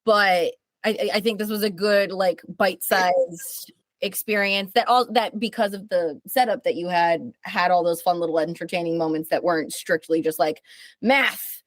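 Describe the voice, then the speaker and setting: A woman's voice: on the low side, fairly even intonation, moderate pace, no echo. A young woman, a tabletop game player, chatting casually on a podcast, giggly and full of hesitant restarts.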